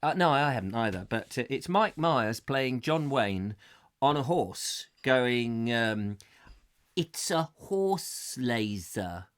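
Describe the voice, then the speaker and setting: A man's voice: mid-range voice, takes it slowly. A man hosting a comic live chat show, ranting and joking with his viewers. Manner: animated, ranting, jokey asides. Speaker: host.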